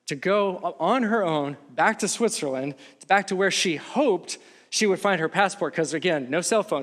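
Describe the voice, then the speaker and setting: Animated storytelling pastor in a reverberant hall. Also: male voice, high voice. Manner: animated storytelling, acts out quotes. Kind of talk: sermon. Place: church sanctuary. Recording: long reverb of a large hall.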